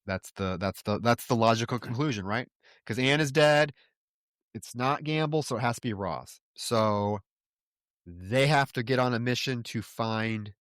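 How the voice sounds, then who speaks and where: A man co-hosting a podcast, retelling a movie plot in a relaxed, rambling way. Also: on the low side, no echo, studio quality. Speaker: podcast co-host. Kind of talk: casual film recap.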